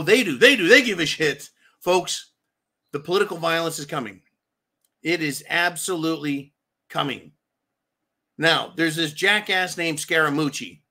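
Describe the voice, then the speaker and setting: A man's voice: fairly high pitch, sharp tone. A man hosting a political commentary show, ranting in a profane, sarcastic way, repeating phrases for emphasis and calling his listeners folks. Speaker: host.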